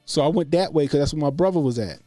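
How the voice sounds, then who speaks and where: Casual streamer, man, animated and profane, dry close mic. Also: on the high side, fast talker, dry recording, soft background music. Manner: animated, profane, acts out quotes. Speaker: host. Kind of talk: casual livestream commentary.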